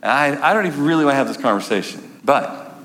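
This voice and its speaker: Male pastor, wry storyteller, lively pitch, echoey hall. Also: fast talker. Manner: wry, conversational, then pleading and worn out. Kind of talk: storytelling sermon. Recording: echoey hall, faint noise.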